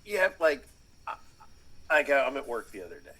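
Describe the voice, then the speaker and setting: A man co-hosting a podcast, trading profane stories in a relaxed chat and laughing mid-sentence. His voice is husky with a very bright, sharp edge. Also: medium pitch, brisk. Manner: storytelling, profane, laughs while talking. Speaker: podcast co-host. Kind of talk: casual chat.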